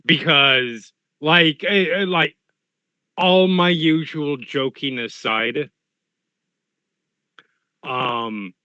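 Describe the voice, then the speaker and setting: A man's voice: a little high, very slow, long pauses, sharp tone, smooth, dry recording, dull audio. A man playing a tabletop role-playing game, joking and speaking in character in first person. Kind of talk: casual game table chat.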